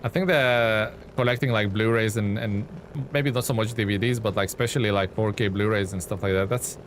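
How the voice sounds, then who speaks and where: Low-voiced man streaming a driving game. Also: steady tone, a little fast, slight background noise. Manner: rambling, talks to chat while playing. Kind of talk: casual gameplay commentary.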